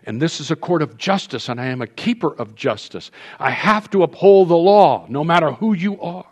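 A man voicing a stern but loving father who sits as judge, speaking in a solemn, measured way. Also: on the high side, expressive, voice pushed up. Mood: firm.

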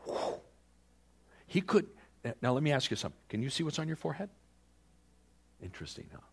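A man preaching a sermon, retelling a scripture story with animated storytelling and questions put to the listeners. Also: a little high, fast, creaky, slightly rough. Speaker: pastor.

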